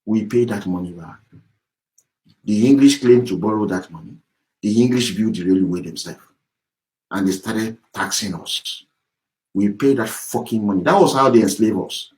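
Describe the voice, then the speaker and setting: Heated man with a low voice. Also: moderate pace, long pauses, darkish tone, rough recording. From Yorubaland, southwest Nigeria. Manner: heated, profane, repetitive and mocking. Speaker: political activist. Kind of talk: impassioned political address.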